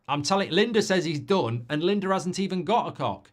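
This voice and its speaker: A man hosting a live football watchalong, chatting with viewers in a sweary, cynical, rambling and animated way, from England. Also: high voice, a little fast. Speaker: watchalong host.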